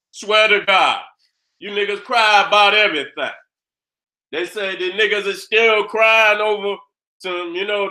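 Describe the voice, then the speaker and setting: Fired-up bright-voiced man ranting. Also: sits high. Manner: boastful, combative, repeats his phrases, asks "you understand". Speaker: host of his own channel. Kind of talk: fired-up profane monologue.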